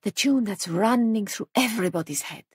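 A woman's voice: mid-range voice, expressive, moderate pace, slightly rough, dry recording, studio quality. A woman voicing a stern male police sergeant in an audiobook, speaking in a firm, clipped, probing way. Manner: firm, clipped, pressing questions.

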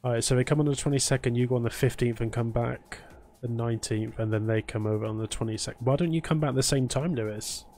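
A man's voice: medium pitch, fast talker, few pauses, a little mellow, soft background music. A man live-streaming a game, chatting casually and teasing and thanking viewers by name. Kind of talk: casual live-stream chat while gaming.

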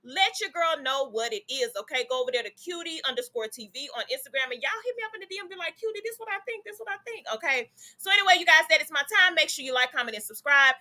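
A woman's voice: high voice, animated, quick pace, pushed and bright. A woman with a Southern US accent, chatting sassily about celebrity gossip to her viewers. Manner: sassy, chatty, addresses viewers as y'all and baby. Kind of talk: casual gossip commentary to viewers.

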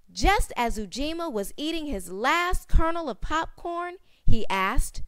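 A woman slowly reading a storybook phonics lesson aloud, repeating each word and then its sound more and more softly. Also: high voice, animated, no room sound, studio quality. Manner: stretches and repeats sounds, drops to soft repeats. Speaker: phonics teacher.

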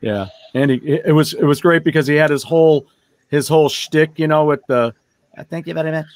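A man's voice: fairly high pitch, fairly quick, no echo. A man hosting a podcast, chatting casually with frequent "you know" and "yeah". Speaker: podcast host.

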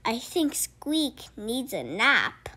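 A woman voicing a gentle, caring fox in a children's storybook reading, soft and calm, close to her narrating voice. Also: fairly high pitch, drawn-out words, slightly rough, exaggerated voice.

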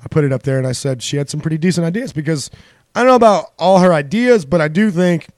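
A man hosting a casual podcast, easygoing and quick to laugh while reading out stories. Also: on the high side, animated, darkish tone, dry recording, clean studio sound. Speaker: podcast host. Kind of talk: casual chat.

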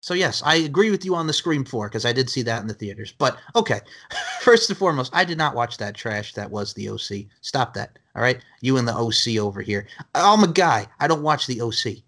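Animated teasing man with a swooping voice. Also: medium pitch, fairly quick. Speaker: podcast host. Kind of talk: casual chat.

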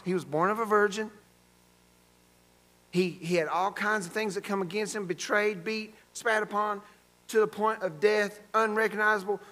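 In a church sanctuary, a high-pitched pastor with a fairly bright voice preaches a fervent sermon, calling out for amens from the congregation in call-and-response. Long church hall reverb fills the recording.

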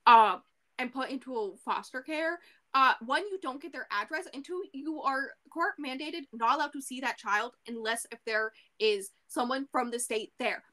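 A woman co-hosting a podcast, casually recapping a book in an animated way, full of fillers and the odd swear. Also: fairly high pitch. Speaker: podcast co-host.

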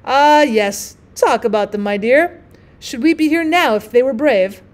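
A woman's voice: sits high, measured pace, a little mellow. A woman reading the part of an arrogant young male Prussian officer who mocks and boasts with a laugh in his voice. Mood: mocking.

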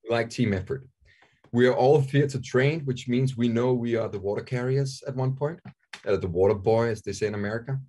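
A man's voice: mid-range voice, fairly quick, mellow, breathy edge. A man in his forties from Denmark with a Danish accent, chatting candidly as an interview guest, joking and often repeating himself. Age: 40s. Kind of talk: casual interview chat.

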